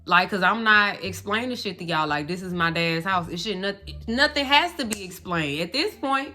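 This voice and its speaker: Bright-voiced young woman telling a blunt story. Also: medium pitch, expressive, moderate pace, hardly any pauses, soft background music. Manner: blunt, profane, conversational. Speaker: vlogger. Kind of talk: casual storytime.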